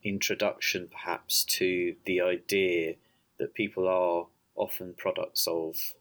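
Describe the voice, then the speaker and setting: A man's voice: low-pitched, flat delivery, takes it slowly, fairly bright tone. A man co-hosting a casual film discussion, hesitant, repeating words and laughing often.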